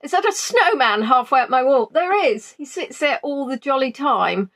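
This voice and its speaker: An Englishwoman with a somewhat high voice chats away cheerfully from a spare room at home, greeting viewers one by one. Her talk is loose and jolly, full of little ums, as on a home live stream. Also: animated, normal speed, fairly bright tone. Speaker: online tour guide. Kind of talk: casual pre-tour chat on a live stream.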